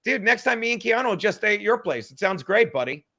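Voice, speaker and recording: A man with a high, bright voice hosting a loose comedy podcast. He swears freely and tells stories with rising excitement. He laughs often and sometimes breaks into shouting. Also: fast talker, dry recording, clean studio sound. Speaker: podcast host. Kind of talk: casual comedic podcast chat.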